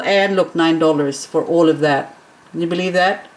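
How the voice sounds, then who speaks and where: A woman vlogger chatting casually through a plant unboxing, gushing with excited gasps and exclamations. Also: lowish voice, normal speed. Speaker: succulent vlogger.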